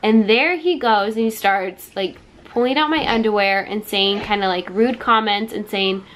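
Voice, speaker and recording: A woman talks to her viewers in a casual storytime vlog. Her retelling is chatty and quick. She slips into other people's quoted words as she goes. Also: mid-range voice, fairly bright tone. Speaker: vlogger.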